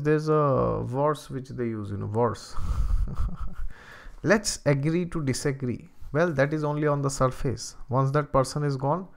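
A man's voice: medium pitch, vocal fry. A man giving a spiritual lecture, asking rhetorical questions, repeating words for emphasis and chanting Sanskrit verses. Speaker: spiritual teacher and astrologer.

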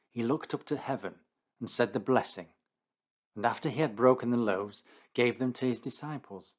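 A man narrating a condensed Bible reading in a steady, deliberate scripted style. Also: mid-range voice.

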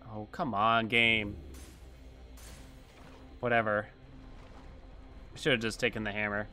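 Bright-voiced male game streamer. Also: on the low side, little pitch movement, slow pace, pauses often, soft background music. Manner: chatty, reacts aloud to the game. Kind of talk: casual gameplay commentary.

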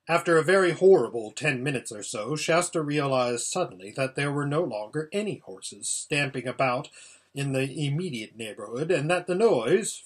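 A man reading a children's novel aloud as an audiobook narrator, with lively storytelling and rising emphasis. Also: medium pitch, husky. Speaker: audiobook reader.

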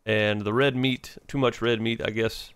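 A man's voice: fairly low pitch, steady tone, moderate pace, fairly bright tone, clean tone, dry recording. A man hosting a gaming channel, giving casual let's-play commentary and thinking aloud with many fillers.

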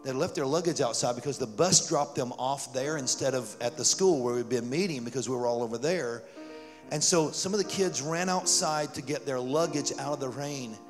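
A male pastor telling a story in a sermon, animated and rising to loud fervor. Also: mid-range voice, normal speed. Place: church sanctuary. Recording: church hall reverb with music.

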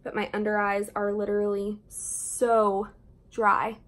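A woman's voice: medium pitch, monotone, measured pace. A young woman with a Southern US accent, chatting casually and rambling while she does her makeup at home. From Southern Indiana, USA. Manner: chatty, rambling, frequent laughs and asides. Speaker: beauty vlogger. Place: indoors at home, doing makeup.

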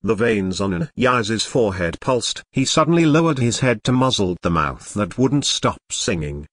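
A man's voice: mid-range voice, a bit bright, dry recording. A man narrating a web novel as an audiobook, telling the story expressively.

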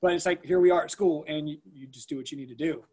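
A man with a slightly higher-than-usual voice tells a story in a relaxed interview. He stumbles and restarts often and drops in lots of fillers. He lifts his voice to act out what people said. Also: quick pace, husky. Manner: animated, lots of fillers and restarts, acts out quoted lines. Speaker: school staff member recounting an emergency.

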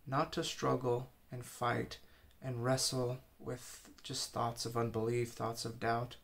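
A man's voice: mid-range voice, little pitch movement, takes it slowly, vocal fry, fairly bright tone. A man preaching an informal sermon, urging listeners with earnest, repeated exhortations.

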